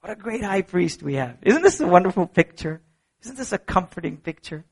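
A middle-aged man preaching a sermon as pastor, earnest and emphatic, swinging from soft low passages to ringing peaks. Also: sing-song, a little fast, husky.

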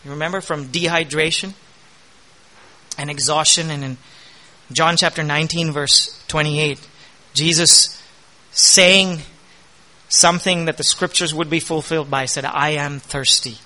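A man's voice: fairly high pitch, steady tone, measured pace, pauses often, pushed and bright. A man preaching a sermon as pastor, passionate and rising to emphatic peaks.

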